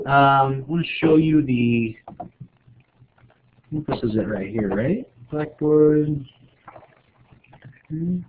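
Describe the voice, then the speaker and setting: A man's voice: on the high side, a little hiss or hum. A man teaching a chemistry class in a casual, joking way, rambling with lots of filler words. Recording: echoey room over a tinny, phone-like line.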